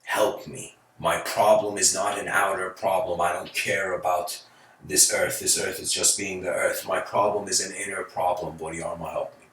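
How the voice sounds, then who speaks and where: A man voicing a restless, sleepless young male seeker who pleads in a hushed voice. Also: low voice, level tone, normal speed, distant mic, a little hiss or hum. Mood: pleading. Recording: roomy sound from away from the mic.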